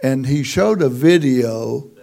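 A middle-aged Texan pastor tells folksy, self-deprecating stories in a humorous sermon. His mid-range voice is gravelly and dark-toned, with lively intonation, and he takes his time.

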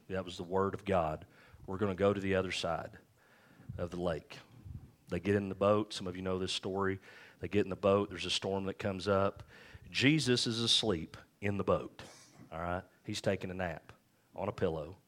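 A male pastor preaching a sermon in a conversational way, often checking in with the congregation. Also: deep voice. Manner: conversational preaching, frequent "all right?" check-ins.

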